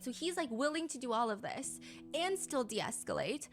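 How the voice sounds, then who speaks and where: A young woman hosting a casual true-crime commentary, reading text messages aloud with animated indignation. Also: high voice, moderate pace, soft background music. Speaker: commentary channel host.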